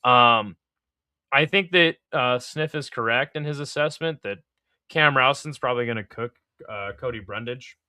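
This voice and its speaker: A man's voice: mid-range voice, normal speed, pushed and bright, smooth, no room sound. Guy on a live stream rambling through fight picks, swears a lot, dry close mic. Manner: loose, profane, thinks aloud with many fillers. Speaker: podcast host giving fight picks. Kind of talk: casual live-stream chat.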